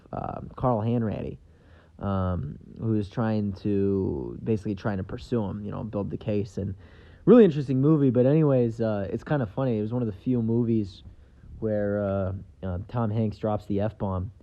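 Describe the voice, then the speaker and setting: A man's voice: on the low side, lo-fi sound. A man hosting his own podcast, talking in a loose, rambling way with lots of fillers and an offhand tone. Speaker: podcast host. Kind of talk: casual solo podcast monologue.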